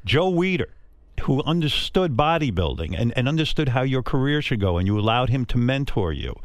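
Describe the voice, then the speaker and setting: A man's voice: medium pitch, sing-song, a little fast, no echo. A man interviewing a guest, asking leading questions and affirming the guest's answers. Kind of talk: interview conversation.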